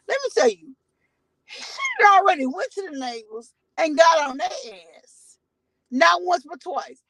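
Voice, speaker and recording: A woman's voice: high voice, dry recording, poor audio. A woman vlogging from her car, telling a rambling, profane story to her viewers.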